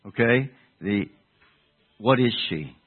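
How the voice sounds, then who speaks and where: Slow husky preacher on a tinny line. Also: male voice, medium pitch, lively intonation. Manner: rambling, restarts, rhetorical questions to the congregation. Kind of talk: sermon. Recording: tinny phone-like sound.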